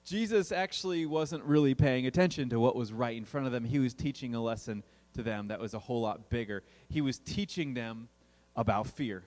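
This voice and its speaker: A man preaching a youth sermon, telling a story with big swings in pitch and volume. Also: fairly quick, darkish tone, long reverb tail. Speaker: youth pastor.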